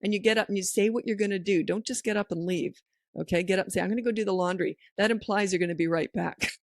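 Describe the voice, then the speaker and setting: Gravelly-voiced woman giving parenting advice. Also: mid-range voice, steady tone, fast, no echo, studio quality. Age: middle-aged. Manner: anecdotal, down-to-earth, acts out quoted lines. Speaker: parenting podcast host. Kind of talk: casual advice chat.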